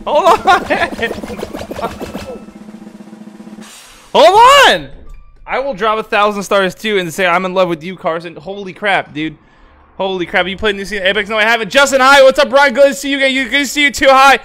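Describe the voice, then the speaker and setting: A young man streaming a game live, excitable and swearing, swinging from loud outbursts to muttering. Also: high voice, fast talker, clean tone, faint music behind. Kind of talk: live-stream gaming chat.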